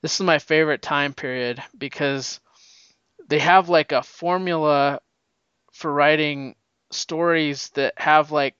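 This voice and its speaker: A man recapping a comic issue in a casual, excited, rambling way, with lots of fillers. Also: on the high side, takes it slowly, smooth, no room sound, highs cut off. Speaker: comic book reviewer.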